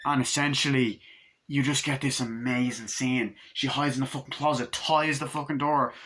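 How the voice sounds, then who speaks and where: A man giving a casual movie review, excitedly retelling scenes with plenty of swearing. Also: mid-range voice, normal speed.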